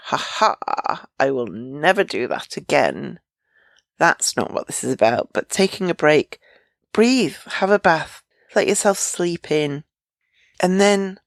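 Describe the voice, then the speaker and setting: Woman, podcast host, low gravelly voice, dry close sound, gentle encouraging advice. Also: no echo.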